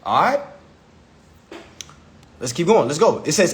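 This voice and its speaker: A man on a phone livestream rants in a casual, profane, mocking lecture, saying things over and over. His high-pitched voice swings widely, comes out fast, and breaks into frequent pauses.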